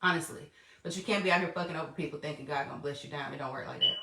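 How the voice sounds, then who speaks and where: A woman's voice: sits low, racing, vocal fry, noisy background. A woman hosting her own podcast alone, chatting casually and laughing often, swearing freely and talking straight to her listeners. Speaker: podcast host. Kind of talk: casual solo podcast monologue. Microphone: laptop or voice memo recording. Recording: echoey room.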